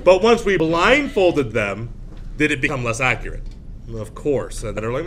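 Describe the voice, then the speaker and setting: A male teacher giving a classroom lecture, animated, often jumping into high shrill voices to act out scenes. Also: brisk, a little hiss or hum. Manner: animated, acts out shrill voices of frightened girls.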